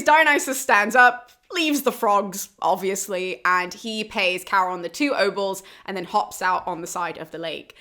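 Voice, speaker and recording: Bright, chatty woman explaining a classic. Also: mid-range voice, normal speed, few pauses. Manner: chatty and animated, laughs often. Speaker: host of a classics explainer channel. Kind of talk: casual summary of an ancient play.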